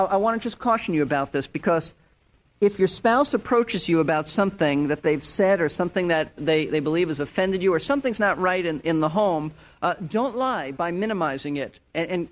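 High-voiced man preaching a sermon. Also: expressive, a little fast. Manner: earnest, repeats words, acts out quoted people. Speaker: pastor. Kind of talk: verse-by-verse sermon.

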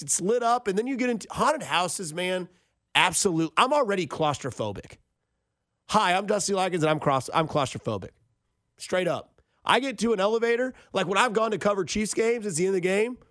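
This energetic radio host, a man in his 30s, has a voice that sits high as he tells jokey late-night stories and puts on voices. It's a dry, clean studio recording made on a studio microphone.

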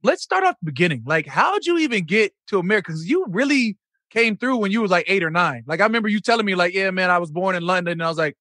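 A man co-hosting a casual chat, excited and slangy as he hypes up his guest. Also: high voice, quick pace, dry recording. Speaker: co-host.

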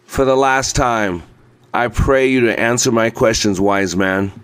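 A man's voice: medium pitch, measured pace, fairly bright tone, clear, resonant tone, no echo, close to an everyday voice. A man voicing a weary king in a storybook, asking his questions earnestly and insistently. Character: weary king seeking answers.

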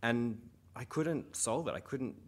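A man with a New Zealand accent, a comedian chatting casually and telling animated stories. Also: medium pitch, a little slow. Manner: animated storyteller, slips into quoted voices. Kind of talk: casual chat.

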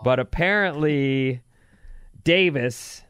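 A man's voice: mid-range voice, slow, a bit bright. A man co-hosting a talk show, trading casual banter and reading news stories with a wry, sarcastic edge. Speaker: radio show co-host.

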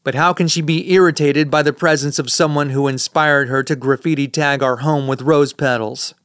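A man's voice: fairly high pitch, fairly even intonation, normal speed, a bit bright, clean tone, dry recording. A man narrating a first-person audiobook in a dry, sardonic manner, recorded on a close studio mic.

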